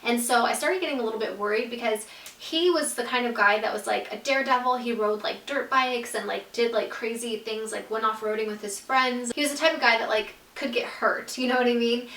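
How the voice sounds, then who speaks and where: A chatty woman tells a personal story straight to camera, sprinkling "like" through every sentence. Her voice sits a little high and sounds bright and forceful. She is recorded from a few feet off in an echoey room. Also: recorded from a distance, a little hiss or hum. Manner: chatty, fills speech with "like", acts out quoted dialogue. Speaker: YouTube storyteller. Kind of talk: casual storytime monologue.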